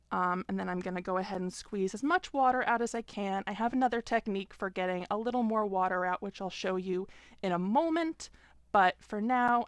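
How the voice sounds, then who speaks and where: A young adult woman calmly explaining, step by step, how she washes hand knits at home, with an occasional "um". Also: medium pitch, clean tone, no echo. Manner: calm, step-by-step explaining with frequent "um". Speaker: fiber arts vlogger. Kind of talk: casual tutorial narration.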